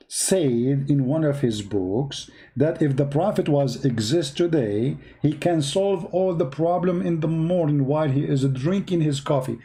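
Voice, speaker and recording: Sarcastic man with halting non-native English. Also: fairly high pitch, dark tone. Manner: sarcastic, mocking, talks directly to viewers. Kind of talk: casual commentary to viewers.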